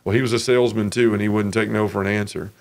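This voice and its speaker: A man's voice: very fast, creaky. A man giving an earnest, emotional personal testimony as an interview guest, acting out other people's voices as he tells the story. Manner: animated, acts out others' voices with raised pitch.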